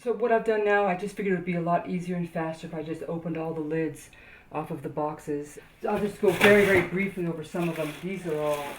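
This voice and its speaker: A woman toy collector casually showing her collection, halting with many ums and restarts as she reads labels aloud. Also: fairly low pitch, steady tone. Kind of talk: casual show-and-tell narration. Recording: noisy home video.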